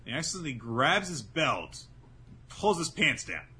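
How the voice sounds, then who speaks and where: A man's voice: on the high side, sing-song, normal speed, pushed and bright, husky. A man co-hosting a podcast, recapping a manga chapter in a rambling, sarcastic casual chat. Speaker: podcast co-host.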